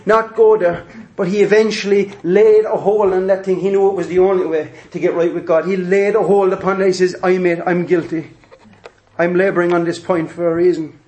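A man's voice: high-pitched, darkish tone. A man preaching a sermon to a congregation, emphatic and repeating key phrases, acting out quoted voices. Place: church hall with congregation.

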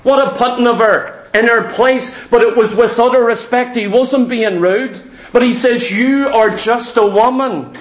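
A man's voice: very high-pitched, normal speed, hardly any pauses. A man preaching a sermon in a church hall, emphatic and repetitive, full of rhetorical questions. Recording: roomy echo.

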